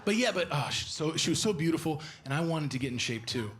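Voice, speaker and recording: A young man performing a stand-up comedy set live on stage, animated and acting out shrill impressions of his girlfriend. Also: quick pace, heavy background noise. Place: theater stage before a live audience. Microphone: stage microphone. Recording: live stage recording with audience laughter. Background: audience laughter and applause.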